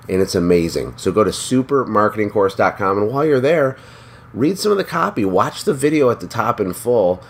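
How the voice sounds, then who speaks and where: A man hosting a business podcast, giving an energetic motivational pep talk that repeats words for emphasis. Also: lowish voice. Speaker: podcast host. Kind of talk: motivational monologue.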